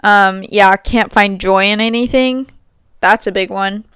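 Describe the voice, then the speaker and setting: Candid young woman talking, smooth dry voice. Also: mid-range voice, fairly even intonation, unhurried, fairly bright tone, dry recording. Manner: rambling, candid, laughs often, many fillers. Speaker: podcast host. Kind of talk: casual monologue. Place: at home.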